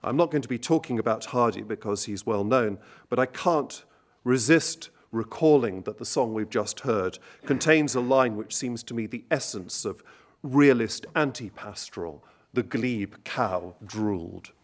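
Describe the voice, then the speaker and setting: A man speaks at an evening recital, mixing a literary lecture with poems read aloud. His delivery is measured and deliberate, and he slows down to dwell on quoted lines. His voice sits at a middle pitch. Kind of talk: lecture with poetry reading.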